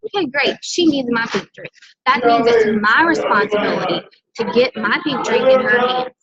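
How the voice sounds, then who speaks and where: High-voiced woman giving a pep talk. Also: moderate pace, muffled recording, a loud crowd. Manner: emphatic, coaching, often tags lines with "okay?". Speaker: senior direct-sales team leader. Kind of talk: motivational team talk.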